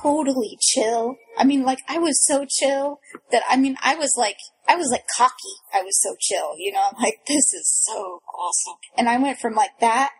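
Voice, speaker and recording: A woman in her thirties telling a frantic personal story in casual chat, animated and breathless, full of restarts. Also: sits high, brisk, husky, low-quality recording. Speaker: guest storyteller.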